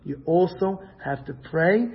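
A man giving an inspirational religious talk on parenting, animated and acting out family dialogues. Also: sits high, measured pace, muffled recording. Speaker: Torah lecturer giving parenting advice.

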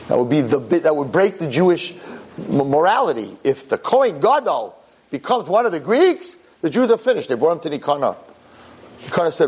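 A man giving a Torah lecture as a rabbi, impassioned, dropping low and grave then rising into sharp outbursts. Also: very animated, a little fast, breathy edge.

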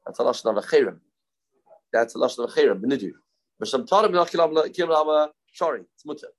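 A man's voice: mid-range voice, animated, quick pace. Man thinking aloud through a Talmud class. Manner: thinking aloud, repeating phrases, mixing Hebrew terms into English. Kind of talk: informal Talmud lesson.

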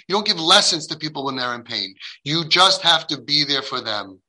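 A man's voice: a little high, fairly quick, few pauses, pushed and bright, rough recording. A man giving a heartfelt lecture to parents, speaking emphatically, acting out the dialogue he quotes, and dropping in Hebrew and Yiddish religious terms. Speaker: parenting guide addressing parents.

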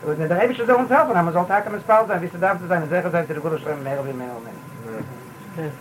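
A man's voice: fairly high pitch, brisk, background noise. A man giving a sermon as a rabbi, repeating words and mixing in Yiddish phrases. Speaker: rabbi giving a Torah talk.

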